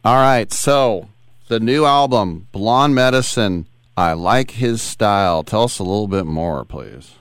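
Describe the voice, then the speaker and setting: Male sports radio host, smooth low voice, close dry studio mic, chatty and tangential. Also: lively intonation, dry recording. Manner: quick, chatty, tangential questions. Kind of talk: radio interview.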